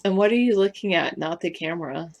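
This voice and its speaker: A woman's voice: on the low side, lively intonation, fast, creaky, a little mellow. A woman from West Virginia with a Southern Californian accent, chatting casually on a live stream and answering viewer comments in a rambling, self-correcting way.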